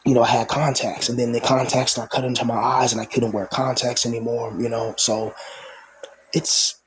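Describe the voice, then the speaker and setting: A man's voice: medium pitch, flat delivery, moderate pace, rough recording. A young man venting in a rambling casual monologue to camera, aggrieved, full of fillers and restarts. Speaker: vlogger.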